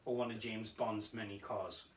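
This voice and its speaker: A man co-hosting a casual podcast, telling stories with animated energy and frequent laughter. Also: lowish voice, moderate pace. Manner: animated storytelling, laughs often. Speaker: podcast co-host. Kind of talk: casual chat. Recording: roomy echo, mic at a distance.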